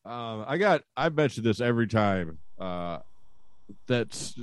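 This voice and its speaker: A man co-hosting a casual podcast chat, relaxed and rambling with lots of fillers. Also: medium pitch, slow pace, smooth, no room sound. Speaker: podcast co-host. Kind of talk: casual wrestling review chat.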